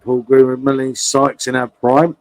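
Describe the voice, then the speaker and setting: A man's voice: mid-range voice, completely flat delivery, normal speed, darkish tone, rough recording. A man hosting a casual live chat, teasing his guests with jokes and frequent laughter. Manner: teasing, jokey, laughs often. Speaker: host.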